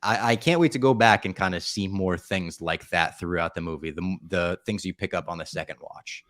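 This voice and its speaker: Deep-voiced podcast host, dry sound. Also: male voice, fairly quick, no room sound. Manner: rambling, animated retelling with profanity. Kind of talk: casual movie recap chat.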